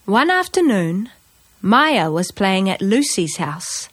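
A woman reading a children's picture book aloud, slow, clear and expressive. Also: medium pitch, no room sound. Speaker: narrator.

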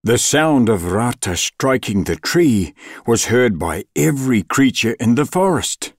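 A man reading a legend aloud as storybook narration, slow and expressive with dramatic pauses. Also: mid-range voice, no echo, studio quality.

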